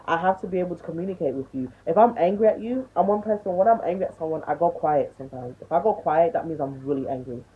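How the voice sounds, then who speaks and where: A woman's voice: fairly low pitch, fast, few pauses, slightly rough. A woman in her twenties ranting bluntly to camera, swearing and lecturing, on tinny phone-like audio. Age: 20s. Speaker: vlogger.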